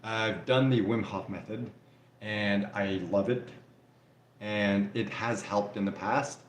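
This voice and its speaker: A French Canadian man with a lowish, steady voice speaks slowly in a roomy space with a little hiss or hum. He hosts a live Q&A, reading out viewer comments and answering questions in casual chat full of "like" and "you know."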